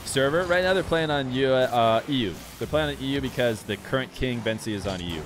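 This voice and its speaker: A young man streaming a game and chatting casually with his viewers in a relaxed, rambling way. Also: medium pitch, a little fast, background noise. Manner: relaxed, rambling, talks straight to chat. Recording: music playing clearly behind the voice.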